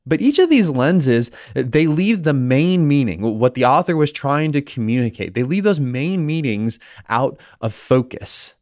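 A man's voice: mid-range voice, unhurried, hardly any pauses, dry recording, studio quality. A man hosting a podcast, teaching about the Bible in a conversational way and telling a personal story along the way. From United States. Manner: conversational, animated storytelling with small restarts.

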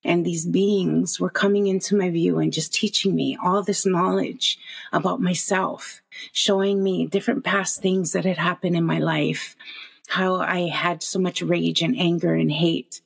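Woman in her 40s, gravelly husky voice, earnest emotional storytelling on a podcast. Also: lowish voice, level tone, measured pace. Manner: earnest, emotional retelling with frequent restarts. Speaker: podcast guest. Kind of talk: personal storytelling.

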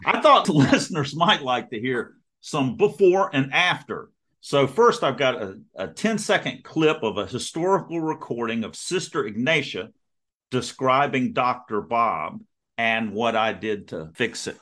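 A man's voice: medium pitch, animated, unhurried, pushed and bright. A man hosting a podcast who also edits it, chatting cheerfully and laughing easily. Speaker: podcast host and editor. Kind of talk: casual chat.

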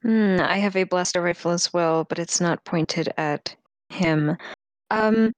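Brief: lower-pitched woman player, sardonic in-character banter, dry sound. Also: unhurried, no echo. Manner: wry, suspicious banter with laughs. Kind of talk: role-play in a tabletop game.

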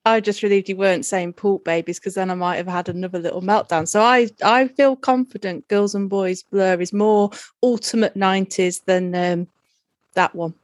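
A woman's voice: medium pitch, fairly even intonation, normal speed, dry recording, clean studio sound. A woman co-hosting a casual podcast chat, giggly and happy to swear for a laugh. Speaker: podcast co-host.

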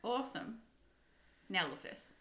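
A woman's voice: on the high side, lively intonation, normal speed, heavy background noise. A woman co-hosting a podcast in casual chat, swearing freely and laughing as she talks. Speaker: podcast co-host.

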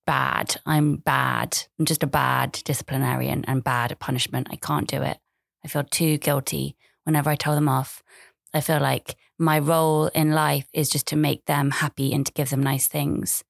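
A woman's voice: deep voice, creaky, dry recording, studio quality. A woman in her thirties hosting a podcast, talking in a rambling, chatty, self-deprecating way. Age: 30s. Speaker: podcast host. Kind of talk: casual monologue.

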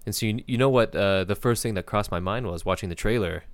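Male podcast co-host, low-ish smooth voice, dry close mic, casual and giggly. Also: fast, dry recording. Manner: laughs often, loose and rambling. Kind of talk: casual gaming chat.

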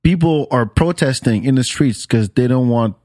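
A man's voice: medium pitch, moderate pace, a little mellow, dry recording. Podcast host from Senegal, a man, mid-range voice, loose profane banter, dry booth. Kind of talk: casual podcast chat.

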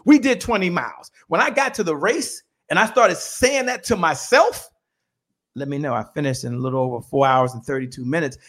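A man's voice: high-pitched, fairly bright tone. A man giving a fired-up motivational talk on a podcast, preaching with chants and call-and-response. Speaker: guest speaker. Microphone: remote call.

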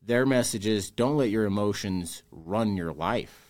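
Brief: adult male guest, lowish voice, earnest, emotional, opens up about grief. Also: animated, unhurried, a little mellow. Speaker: podcast guest. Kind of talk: candid interview conversation.

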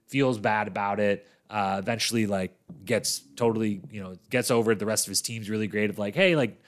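A man hosting a casual recap monologue, telling the story with lots of fillers and acting out the people he quotes in livelier voices. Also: brisk. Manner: animated storytelling, acts out quoted people with jumps in pitch, many fillers. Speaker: podcast host recapping a reality show.

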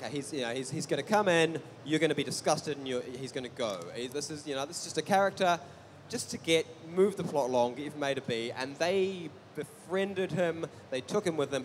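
A man game master on a convention panel, rambling in a soft-spoken, self-deprecating way. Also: on the high side, brisk, few pauses, slight background noise. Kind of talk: casual panel chat.

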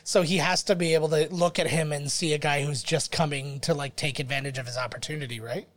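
A young man with a slightly high voice chats casually about an old film. He rambles and jokes, and now and then drops into a quick impression as he co-hosts the podcast. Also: steady tone, fairly bright tone. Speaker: podcast co-host. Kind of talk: casual movie commentary chat.

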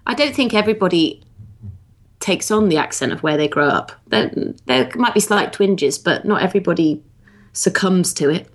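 A woman from rural southwest England co-hosting a podcast in lively, amused chat. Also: lowish voice, normal speed. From Wiltshire area, England. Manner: chatty, amused, animated. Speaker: podcast co-host. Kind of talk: casual chat.

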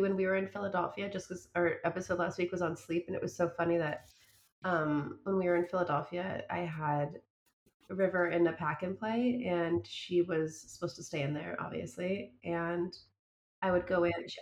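A woman in her thirties co-hosting a podcast, chatty and quick to laugh and agree in casual talk. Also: on the low side. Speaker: podcast co-host. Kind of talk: casual chat. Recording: echoey room.

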